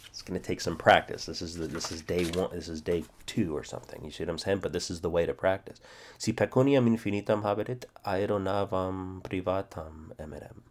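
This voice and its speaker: Working through a self-study lesson, this language teacher in his forties speaks in a fairly low voice. Between drills he thinks aloud, repeating phrases slowly and checking his own work.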